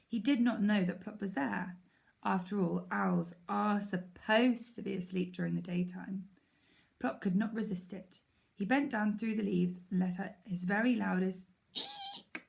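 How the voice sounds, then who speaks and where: A woman teacher reads a children's storybook aloud, clear and even, in a storytelling manner. Her mid-pitched voice carries a gravelly, creaky edge. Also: measured pace.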